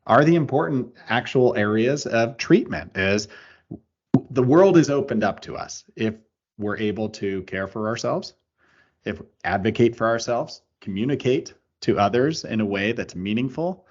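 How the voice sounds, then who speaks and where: Expressive male podcast host. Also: medium pitch, moderate pace. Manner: earnest, wordy, restarts his questions. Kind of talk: interview questions. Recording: dull lo-fi audio.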